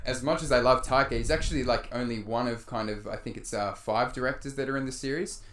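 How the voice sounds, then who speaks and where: A man's voice: mid-range voice, steady tone, quick pace, fairly bright tone. A man co-hosting a casual podcast, speaking hesitantly with many fillers and restarts. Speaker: podcast co-host. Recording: roomy with faint noise.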